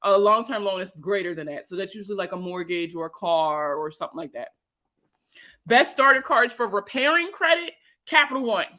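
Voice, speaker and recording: A woman's voice: mid-range voice, animated, a little fast, sharp tone. A young woman with a Baltimore accent, hosting a money livestream in a loose, slangy, chatty way and greeting viewers by name. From Baltimore, USA. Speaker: financial educator hosting a livestream. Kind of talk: casual livestream chat answering viewer comments.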